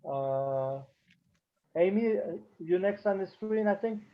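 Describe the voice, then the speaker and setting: A man teaching a beginner class over a video call, talking haltingly with many fillers and restarts. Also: sits high, expressive. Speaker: Hebrew teacher. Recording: dull lo-fi call audio.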